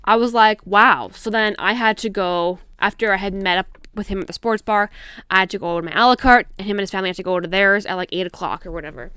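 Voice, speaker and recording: A young adult woman hosting a podcast, telling a story in casual, profane, animated style and acting out the quoted lines. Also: medium pitch, quick pace, smooth, no room sound. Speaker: podcast host. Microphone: podcast microphone.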